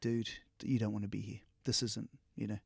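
A man with a New Zealand accent voicing a weary older male prisoner who warns a young man, in a low, subdued voice. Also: flat delivery, normal speed, gravelly, slightly rough, no room sound, clean studio sound. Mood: grave.

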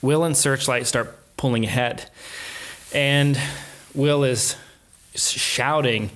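An adult man tells a story in an easy conversational way. He animates the retelling with quoted voices and short laughs. His voice sits at an ordinary middle pitch. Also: fairly even intonation, takes it slowly, a bit bright. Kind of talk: casual storytelling chat.

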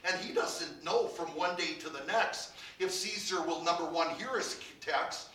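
Slow bright-voiced man preaching a sermon. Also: sits high, far from the mic, slight background noise. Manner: preaching with rising emphasis and soft drops. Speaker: pastor. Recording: roomy, from off the mic.

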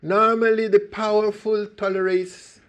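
A man's voice: high voice, level tone, measured pace. An older man from Costa Rica giving an earnest public talk, with sudden emphatic rises in his voice.

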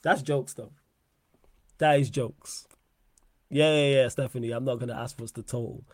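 A young man hosts a live football podcast stream, sitting close to the mic in a dry recording. He speaks at normal speed in a mid-range voice, bantering animatedly in heavy slang, laughing, and repeating phrases.

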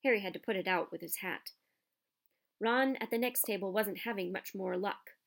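A woman reading a children's novel aloud with expressive storytelling. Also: medium pitch, moderate pace, vocal fry. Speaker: narrator. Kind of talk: audiobook narration.

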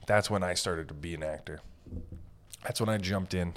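A man's voice: low voice, normal speed. A young man talking on a podcast in a rambling, self-deprecating comedic monologue, swearing casually. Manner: meandering, self-deprecating, swears casually, breaks into loud mock shouts. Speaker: podcast host.

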